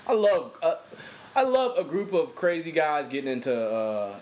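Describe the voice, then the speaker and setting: A man with a fairly high voice that leaps around as he riffs on films he loves. He swears freely, breaks into laughter every few lines and slips into quick impressions of the characters. A faint hiss runs under the recording. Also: lively intonation, darkish tone. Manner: laughs often, swears a lot, acts out scenes. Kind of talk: casual profane movie chat.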